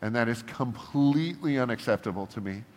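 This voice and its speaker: A man preaching in a casual, joking way, acting out his blunt prayers to God. His pitch is mid-range. The voice carries a long reverb, as if he is speaking in a large church hall. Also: fairly quick. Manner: animated, humorous, acts out prayers to God in a shifting voice. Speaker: pastor. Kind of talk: casual conversational sermon.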